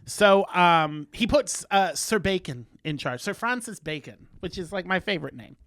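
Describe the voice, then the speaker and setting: A man's voice: high voice, animated, normal speed, fairly bright tone, no echo, clean studio sound. A man co-hosting a casual chat podcast, recapping a show in a chatty, playful way. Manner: chatty, recaps plots with playful quoted voices. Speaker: podcast co-host.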